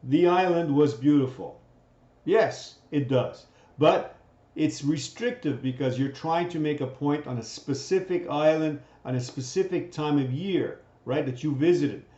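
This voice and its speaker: In a recorded lecture, a man teaches a grammar lesson, asking "right?" after most points to check understanding. His voice is mellow and on the high side, and the recording sounds dull and roomy.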